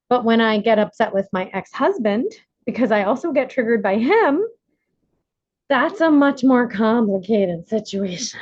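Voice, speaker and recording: A woman facilitating an online recovery workshop on a video call, animated, acting out quotes with big jumps in pitch. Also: normal speed, no echo, dull audio.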